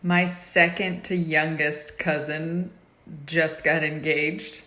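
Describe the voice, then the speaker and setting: Twenty-something woman ranting and swearing into her phone, lowish voice. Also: level tone, slow pace, pushed and bright. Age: 20s. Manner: profane, exasperated ranting. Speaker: vlogger. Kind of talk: casual selfie video chat.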